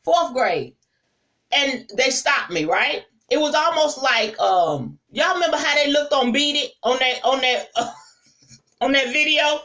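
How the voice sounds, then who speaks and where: A woman apostle telling stories in a sermon, lively and conversational, speaking straight to her listeners. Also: sits high, unhurried, distant mic, poor audio. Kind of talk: storytelling sermon to a live audience.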